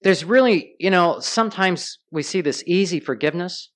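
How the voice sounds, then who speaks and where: A man's voice: sits high, normal speed. Storytelling man preaching a sermon. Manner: storytelling preacher, asks the congregation questions. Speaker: pastor.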